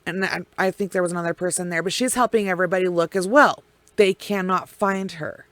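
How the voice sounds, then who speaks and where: A woman telling a true crime case in casual, blunt language full of swearing and heavy pauses. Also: fairly low pitch, fairly even intonation, fairly bright tone, dry recording.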